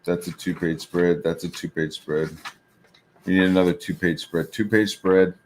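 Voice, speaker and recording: A man's voice: sits low, fairly even intonation, normal speed, a little hiss or hum. A man streaming while he draws, talking in a casual, rambling rant full of swearing and filler words. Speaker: streamer and comic artist.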